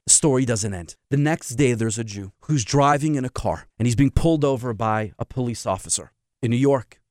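A man's voice: medium pitch, fairly quick, darkish tone, dry recording, clean studio sound. A man, a rabbi, giving a sermon full of stories and emphatic rhetorical questions. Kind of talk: sermon with storytelling.

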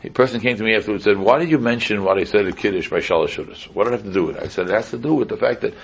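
A man's voice: lowish voice, very fast, vocal fry, slightly rough, highs cut off. A man, a rabbi giving an informal Torah lecture in a conversational way, repeating pointed rhetorical questions. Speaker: rabbi teaching a class.

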